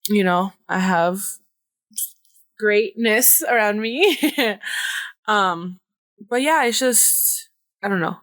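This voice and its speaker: A woman's voice: medium pitch, slow pace, long pauses, a bit bright, dry recording. A woman in her late twenties hosting her own podcast in casual chat, emotional and laughing through tears, now and then dropping into Spanish. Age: 20s. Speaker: podcast host.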